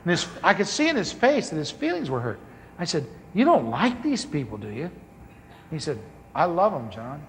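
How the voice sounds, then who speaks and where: A man telling a comic story from the pulpit, acting out the dialogue in a lively way. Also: fairly high pitch, moderate pace, a little hiss or hum. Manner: animated, comic, acts out dialogue. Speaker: preacher telling his conversion story. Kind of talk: storytelling sermon. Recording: large hall reverb, faint ambience.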